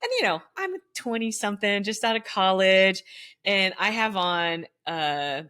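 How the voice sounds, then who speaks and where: Animated laughing woman telling stories. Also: mid-range voice, a little slow, clean tone. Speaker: guest, former teacher. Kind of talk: casual storytelling chat.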